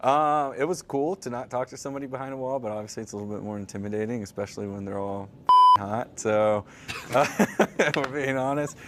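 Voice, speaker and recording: A man's voice: mid-range voice, fairly quick, background noise. A man answering interview questions in a laid-back, hesitant way, laughing now and then. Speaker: reality show contestant. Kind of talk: casual press interview.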